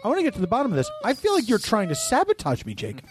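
A man's voice: very high voice, huge pitch swings, rapid-fire, loud music behind the voice. A man guesting on a comedy podcast, sarcastic and mock-indignant in banter. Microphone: studio microphone.

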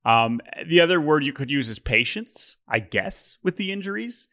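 A man's voice: fairly high pitch, sing-song, moderate pace, bright, forceful tone. A man co-hosting a sports podcast in casual chat, wry and hesitant, with frequent restarts. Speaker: podcast co-host.

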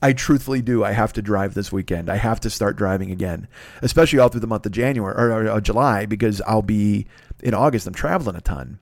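A man's voice: on the low side, quick pace, dry recording, clean studio sound. A middle-aged man hosting a podcast, ranting in a profane, exasperated comedic way. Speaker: podcast host. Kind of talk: comedic rant.

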